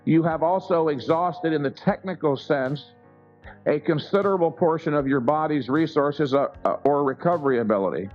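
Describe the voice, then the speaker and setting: A man with a slightly high voice lectures a seminar audience with emphatic conviction, firing rhetorical questions and answering them himself. The sound is a dull, lo-fi old tape with faint music running underneath. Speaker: seminar speaker. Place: seminar room before an audience.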